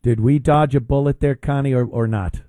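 A man's voice: mid-range voice, fairly even intonation, moderate pace, mellow, no echo, clean studio sound. A man hosting a call-in radio show, chatting and teasing callers in a joking way. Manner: teasing, joking, puts on silly voices. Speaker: radio talk show host.

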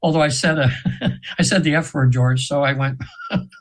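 Older guy in his 70s on a radio interview, kinda high voice, rambling earnest story, clears his throat a lot. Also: moderate pace, rough recording. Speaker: radio show guest, trance session practitioner.

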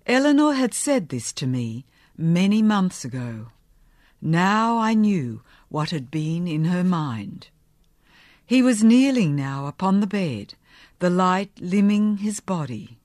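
A woman giving an expressive, dramatic reading as she narrates a novel in the first person. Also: medium pitch, takes it slowly, no room sound, clean studio sound. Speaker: audiobook narrator.

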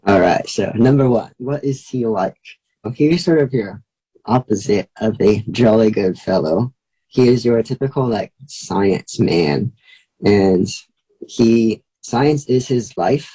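A teenage boy answering questions as an interview guest, quick and casual, with lots of likes. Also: fairly low pitch, mellow, husky, poor audio. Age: teens.

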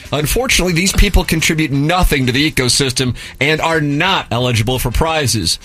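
A man's voice: a little high, moderate pace, pushed and bright, faint music behind. A man hosting a radio show, reading listener emails aloud with a sarcastic, mock-formal delivery.

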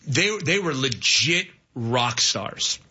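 Bright, husky-voiced man host. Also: medium pitch, big pitch swings, slow pace, dull audio. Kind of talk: casual chat.

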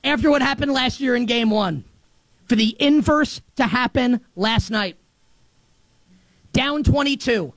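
A male sports host with a high, bright-edged voice, talking in an animated, emphatic rush. His delivery jumps from near-shouted peaks to quiet asides. The sound is close and dry, with no room around it. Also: measured pace, long pauses, no room sound. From New York. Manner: animated, emphatic, shifts between shouting highs and muttered lows. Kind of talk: excited sports commentary monologue.

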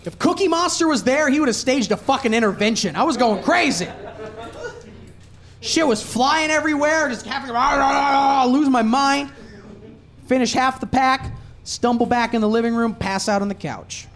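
A young adult man doing a stand-up comedy set, swinging from low mutters to loud shouting. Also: animated, moderate pace.

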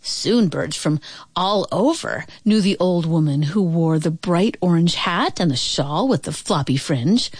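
A woman reading a children's picture book aloud on the radio, expressive and sing-song. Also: on the low side, a little slow, breathy edge, dry recording. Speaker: storyteller.

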